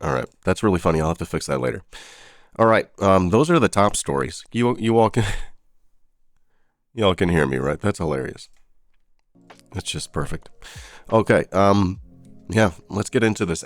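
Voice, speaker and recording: A man with a deep voice runs a casual news commentary show, breaking off from the headlines into sarcastic, disbelieving remarks. Faint music sits under his talk. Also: creaky, dry recording. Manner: sarcastic, incredulous asides.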